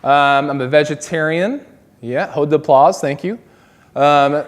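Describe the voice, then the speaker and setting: A man's voice: on the high side, big-room sound. A man doing stand-up comedy, telling stories in a loose, rambling way full of fillers and asides.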